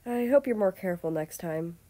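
A woman's voice: medium pitch, animated, brisk, dark tone, natural voice. A woman voicing a nonchalant teasing young nobleman. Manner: nonchalant and smirking.

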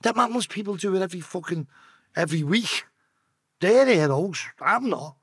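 Speaking at normal speed with lively intonation, a man on a podcast recounts an emotional story bluntly, cursing freely throughout the casual chat. His high voice is fairly bright with a breathy quality.

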